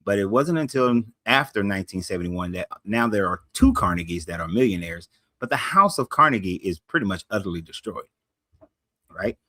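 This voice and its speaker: A man's voice: low-pitched, expressive, a little fast, a bit bright, dry recording. A man hosting a casual livestream, talking bluntly in a rambling way and often correcting himself. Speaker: livestream host.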